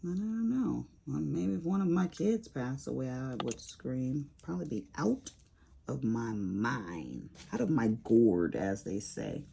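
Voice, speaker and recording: A woman's voice: a bass voice, expressive, unhurried, vocal fry, warm tone, slight background noise. A woman chatting casually while she does a craft on camera, sassy and rambling as she tells stories. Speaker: crafting vlogger. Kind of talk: casual chat while diamond painting.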